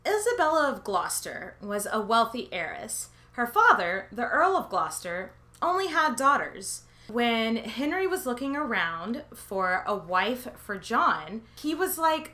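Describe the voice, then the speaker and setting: A woman's voice: a little high, very animated, normal speed, sharp tone. A woman hosting a history podcast, telling a comedic scripted monologue with sarcastic asides, swearing and silly quoted voices. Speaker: podcast host.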